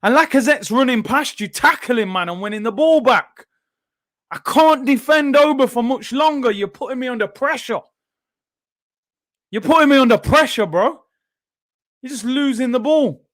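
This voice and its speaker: A young-sounding man hosts a live football watchalong, talking in quick slang and jumping into shouts when the play turns. His voice sits high for a man. The sound is close and dry, with no room in it. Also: no room sound. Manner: excitable, slangy, bursts into shouts. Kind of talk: live reactive commentary.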